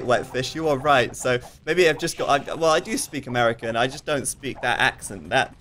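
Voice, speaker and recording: This male esports caster covers a strategy game live in a loose, talkative style, his medium-pitched voice animated with a sharp edge. Viewer questions get read aloud between quick asides and frequent fillers, and there's a faint hiss or hum in the audio.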